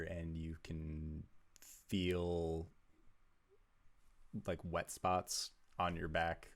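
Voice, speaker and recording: A man running a tabletop game as game master, narrating softly and unhurriedly. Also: deep voice.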